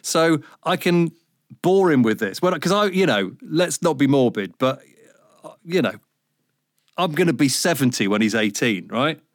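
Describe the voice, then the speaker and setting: A man in his fifties, a radio presenter, talking casually in an interview, lively and quick to swear and mimic others. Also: fairly high pitch, dry recording, clean studio sound. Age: 50s. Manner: animated, swears, mimics voices in anecdotes.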